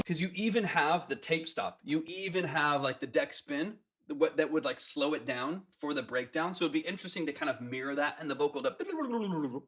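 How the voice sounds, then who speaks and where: Fast-talking man giving upbeat track feedback. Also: on the high side, fairly bright tone. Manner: rapid, technical and enthusiastic, full of fillers. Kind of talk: livestream feedback chat.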